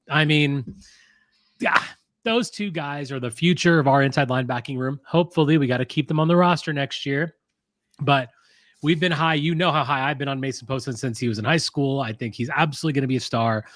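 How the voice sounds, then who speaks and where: A man's voice: mid-range voice, a bit bright, dry recording, clean studio sound. A man co-hosting a casual sports podcast, giving enthusiastic, emphatic analysis. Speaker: podcast co-host.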